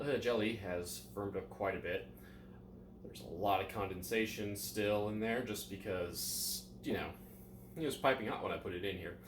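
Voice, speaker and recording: A man's voice: lowish voice, noisy background. A man chatting casually through a home cooking experiment, laid-back and self-deprecating, with plenty of ums and uhs. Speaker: cooking vlogger. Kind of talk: casual vlog chat. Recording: echoey room, mic some distance away.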